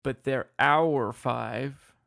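Gravelly podcast guy, slow and easygoing, upbeat banter. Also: medium pitch, fairly bright tone. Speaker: podcast co-host. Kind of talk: casual chat.

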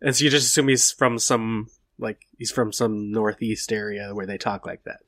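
A man's voice: on the low side, fairly even intonation, moderate pace, a bit bright, no room sound, studio quality. A man co-hosting a podcast who makes brief, plain remarks about a film. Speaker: podcast co-host. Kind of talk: casual film chat.

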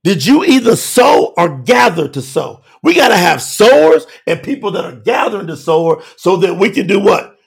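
A man preaching a sermon with emphasis, moving between shouted lines and quiet low asides. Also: big pitch swings, moderate pace, creaky, hardly any pauses, husky.

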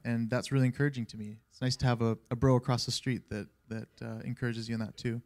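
A man sharing a short, easygoing church testimony, halting and repeating words as he goes. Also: mid-range voice, little pitch movement, a little mellow, smooth. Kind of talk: casual testimony talk in church.

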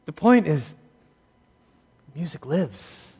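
Animated preacher man in a reverberant hall. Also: on the high side, very slow, husky. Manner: animated, conversational, shifts between lively asides and hushed emphasis. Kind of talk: sermon.

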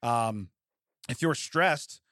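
A man's voice: medium pitch, extremely slow, fairly bright tone, no echo, clean studio sound. A man co-hosting a podcast, chatting casually and jokily, laughing often as he rambles. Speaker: podcast co-host. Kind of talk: casual comedic chat.

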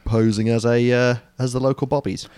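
A man's voice: medium pitch, little pitch movement, a little fast, a little mellow, smooth, no echo. A man on a casual podcast, throwing in crude jokes and wry asides. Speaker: podcast co-host.

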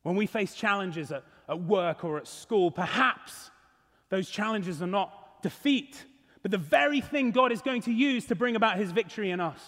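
High voiced male pastor giving an earnest sermon, lots of echo off the church walls. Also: normal speed, a bit bright. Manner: earnest, emphatic, rising and falling.

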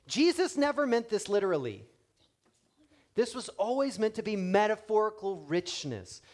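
A middle-aged man preaching a sermon as pastor, animated and joking, acting out quotes in different voices. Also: sits high, normal speed.

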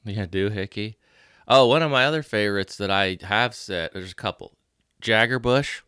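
A man talks casually on a podcast, teasing and laughing as he goes. His voice sits very low and comes through smooth and resonant. The sound is dry and close, with no room around it. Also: normal speed, sharp tone, dry recording. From Pittsburgh area, USA. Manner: joking, chatty, laughs often. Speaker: podcast co-host. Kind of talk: casual chat.

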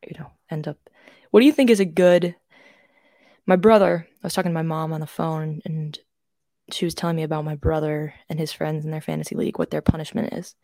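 A young podcast co-host with a deep, mellow voice keeps a steady tone at a fairly quick clip. Casual and chatty, she tells rambling stories broken up by many fillers and restarts. The recording is dry and studio quality.

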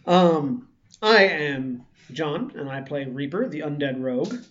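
A man's voice: a little high, expressive, measured pace, fairly bright tone. A man hosting and playing in a tabletop game, chatting casually and teasing the others in an upbeat way. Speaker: player and show host. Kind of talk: casual chat at a gaming table. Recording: muffled lo-fi.

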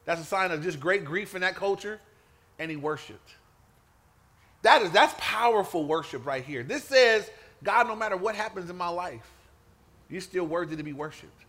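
A man preaching a sermon to a men's gathering, lively and conversational, often calling out for an amen. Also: high voice, moderate pace. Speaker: pastor.

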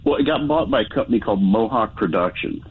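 A man with a low, husky voice rambles through a call-in story, stopping and restarting his sentences. He comes through a tinny phone line. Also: lively intonation, fast. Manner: rambling, hesitant, full of restarts. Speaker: caller. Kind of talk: casual radio call-in chat.

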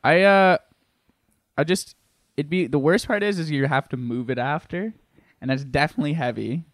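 A man's voice: fairly high pitch, normal speed, dry recording. A man co-hosting a podcast in casual comedic chat, joking around and laughing often. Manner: laughs often, jokey, animated. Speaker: podcast co-host.

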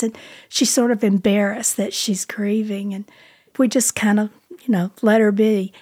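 A woman telling a personal story in a conversational, expressive way, as a co-host of a ministry talk. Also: mid-range voice, normal speed. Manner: conversational, expressive, drops to a whisper when quoting.

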